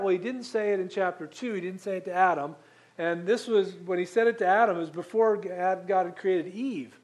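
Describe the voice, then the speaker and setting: High-voiced male preacher. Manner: conversational preaching with rhetorical questions. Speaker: pastor. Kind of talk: sermon.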